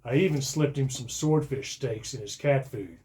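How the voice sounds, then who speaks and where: A man's voice: mid-range voice, normal speed, a little hiss or hum. Dry-voiced middle-aged man telling a story. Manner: dry storytelling, bursts into loud shouting for quoted lines. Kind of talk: first-person comic story reading.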